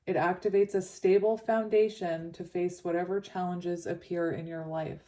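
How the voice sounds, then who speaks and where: A woman giving a tarot reading, reading card meanings aloud and talking them over in a gentle, rambling way. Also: fairly low pitch, flat delivery, moderate pace, hardly any pauses. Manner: gentle, rambling, with frequent fillers and soft laughs. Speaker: tarot reader.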